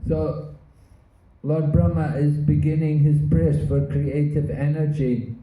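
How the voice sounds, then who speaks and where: A man teaching a scripture class, speaking slowly and deliberately, often pausing to search for words. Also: a little high, level tone, mellow. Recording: echoey room, phone-like lo-fi sound.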